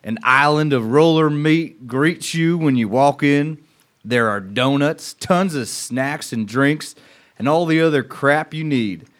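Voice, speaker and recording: Man doing a loud Southern good-old-boy reviewer, higher than his own voice. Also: unhurried, close to an everyday voice. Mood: brash. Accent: Southern US, put on. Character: brash male Southern customer reviewer.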